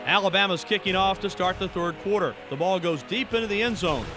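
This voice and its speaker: Male sports narrator, high voice, brisk play-by-play, loud music under him. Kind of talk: scripted football highlight narration.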